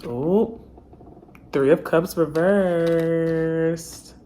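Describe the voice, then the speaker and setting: A woman's voice: low-pitched, extremely slow, dark tone, slight background noise. A woman giving a casual tarot reading straight to her viewers, chatty and full of slang. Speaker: tarot reader.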